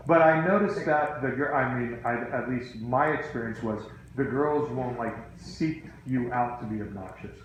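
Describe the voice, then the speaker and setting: A middle-aged man, a teacher and coach, telling a story to his students in a casual, animated way full of asides. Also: mid-range voice, normal speed, hardly any pauses, slight background noise. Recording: very echoey room.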